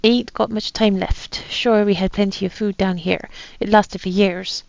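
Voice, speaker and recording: A woman voicing a dying, boastful old male pirate captain in a put-on rough pirate accent, reading his journal aloud. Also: medium pitch, fairly even intonation, a little slow, dry recording, dull audio. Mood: rueful.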